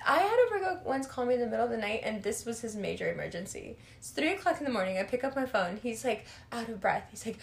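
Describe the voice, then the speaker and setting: A woman's voice: a little high, fast, gravelly, hardly any pauses, roomy sound. A woman chatting casually, telling stories with swearing and frequent laughter. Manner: animated, profane storytelling with frequent laughter. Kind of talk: casual chat.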